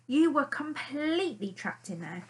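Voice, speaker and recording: A woman reading an audiobook and voicing a gentle young female fox who speaks in an earnest, pleading way. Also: high-pitched, sing-song, a little slow, voice pushed up.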